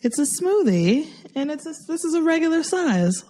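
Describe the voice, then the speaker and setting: A woman's voice: high-pitched, very animated, moderate pace, warm tone. A woman joining a podcast as co-host, teasing and playful in casual chat.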